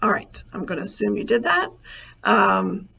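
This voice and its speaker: A woman lecturer recording a lesson over slides, relaxed and thinking aloud with many fillers. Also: medium pitch, normal speed, vocal fry, slightly rough. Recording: slightly dull, faint noise.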